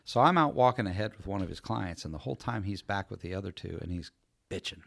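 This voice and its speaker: Guy cohost telling a story, kinda low and gravelly, acts out the voices, dead dry mic. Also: animated, quick pace, fairly bright tone, dry recording. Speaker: podcast co-host. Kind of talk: casual storytelling chat.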